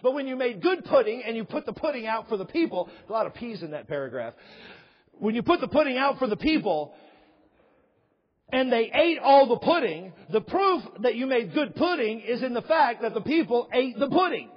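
High-voiced husky male preacher. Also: sing-song, moderate pace. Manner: emphatic preaching with repeated phrases and asides. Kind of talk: sermon. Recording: long reverb, dull lo-fi sound.

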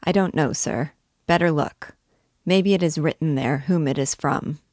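A woman's voice: low voice, unhurried, a little mellow, no room sound, clean studio sound. A woman voicing a plain-spoken housekeeper. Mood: matter-of-fact.

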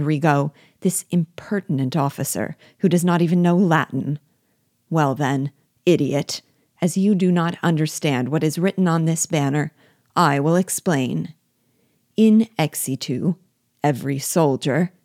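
A woman's voice: sits low, darkish tone, no room sound, studio quality. A woman reading an audiobook, voicing a cunning, imperious male rebel general who blusters with anger and mock learning.

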